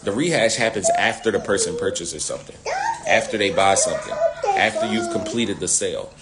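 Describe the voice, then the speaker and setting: A man teaching sales techniques in an animated way, repeating key phrases and talking with slang. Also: lowish voice, a little fast, heavy background noise. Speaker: sales coach.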